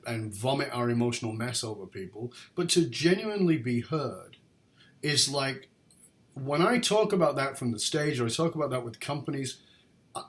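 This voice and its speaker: A middle-aged man from northern England hosting a podcast interview, telling stories in an earnest, animated way. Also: medium pitch. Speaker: podcast host. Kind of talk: interview chat.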